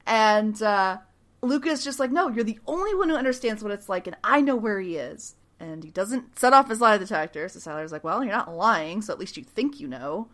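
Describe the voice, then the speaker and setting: This podcast host has a mid-range voice and a brisk delivery. Casually recapping a TV episode, she performs the quoted lines with gusto and laughs frequently.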